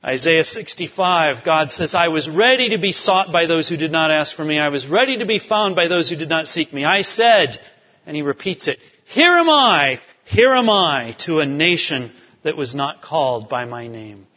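A man's voice: on the high side, normal speed. A man preaching a sermon as pastor, emphatic, with sudden drops to near-whispers. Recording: dull sound in a long-reverb hall.

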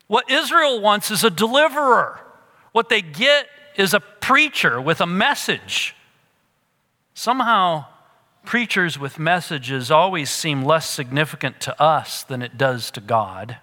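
Man preaching, slightly high voice, gets loud then goes real quiet, echoey hall. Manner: animated preaching, drops to a hush for emphasis. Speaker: pastor. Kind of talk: sermon.

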